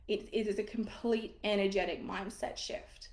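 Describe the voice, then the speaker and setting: A woman's voice: on the high side, moderate pace, reverberant. A woman coaching business owners in a live masterclass, casual, frank and encouraging, swearing now and then.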